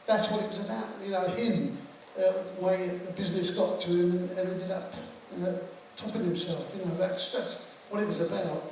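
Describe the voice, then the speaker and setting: A man's voice: sits high, steady tone, normal speed, hardly any pauses, a little mellow, a little hiss or hum. An older man, a veteran musician, answering audience questions after a film screening in a joking, blunt, rambling way. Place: screening hall. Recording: echoey hall from far off.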